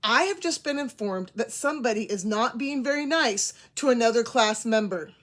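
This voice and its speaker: A woman voicing a stern older substitute music teacher who scolds a class in a slow, emphatic way. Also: on the high side, expressive, a bit bright. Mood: stern scolding.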